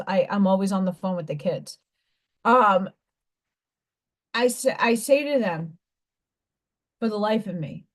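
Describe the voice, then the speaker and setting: A woman hosting a casual livestream, talking in a rambling, emphatic way and greeting viewers by name between her points. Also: mid-range voice. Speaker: livestream host and school teacher.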